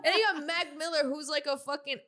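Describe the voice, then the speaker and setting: A woman's voice: sits high, steady tone, fast talker, sharp tone. A young woman co-hosting a podcast in casual chat, slangy, swearing freely and laughing often. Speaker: podcast co-host.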